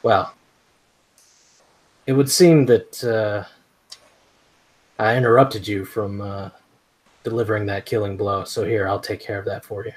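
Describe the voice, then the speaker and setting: A man's voice: fairly low pitch, steady tone, unhurried, pauses often, husky. A man voicing a smug, cruel male ronin swordsman who talks down to a beaten foe in a tabletop game. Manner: mocking, coolly condescending.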